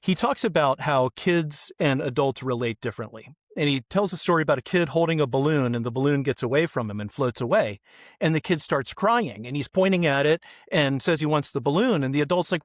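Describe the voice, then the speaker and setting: A middle-aged man on a podcast, telling stories in an animated way and acting out the voices of the people in them. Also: fairly high pitch, a little fast, no echo, studio quality. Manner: animated, acts out quoted voices. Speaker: kids ministry guest. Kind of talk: podcast interview storytelling.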